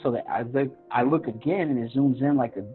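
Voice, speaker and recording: A man's brisk, mid-range voice comes through a tinny phone line with faint music behind it. Appearing as a podcast guest, he tells a personal story in earnest, loudly reenacting his own past reactions.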